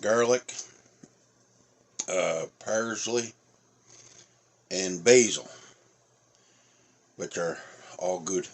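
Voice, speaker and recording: A deep-voiced, middle-aged Nova Scotian draws out his words and leaves long pauses during a casual tasting review. He speaks with an Atlantic Canadian accent, rambles, fills gaps with fillers, and eats as he talks.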